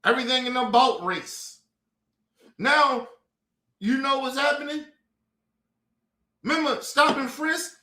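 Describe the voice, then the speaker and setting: A man's voice: extremely high pitch, pushed and bright, roomy sound. A man from the United States delivering a heated, profane streamed commentary rant, lecturing his listeners. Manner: profane, fiery and emphatic, lecturing the audience.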